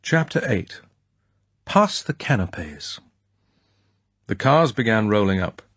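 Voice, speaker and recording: A man narrating an audiobook in a measured, crisp storytelling manner. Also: fairly low pitch, very animated, fairly bright tone, dry recording. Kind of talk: scripted narration.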